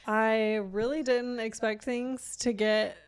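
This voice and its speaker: A woman's voice: a little high, fairly even intonation, takes it slowly, clean tone. A young adult woman casually recounting a personal story, chatty and full of "like" fillers, laughing often. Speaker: guest sharing her birth story.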